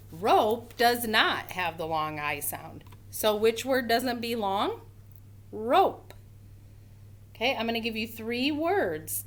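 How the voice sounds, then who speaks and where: Woman, first grade teacher, very slow and deliberate, a middle-pitched voice, recorded at home for an online class. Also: a bit bright. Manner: slow, clear, sounding out words for children. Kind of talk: phonics lesson for young children.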